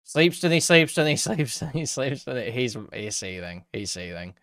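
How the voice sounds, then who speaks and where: Smooth-voiced man ranting casually on stream. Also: mid-range voice, big pitch swings, normal speed, fairly bright tone, dry recording, studio quality. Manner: rambling and profane, reading chat aloud. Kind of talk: casual live-stream commentary.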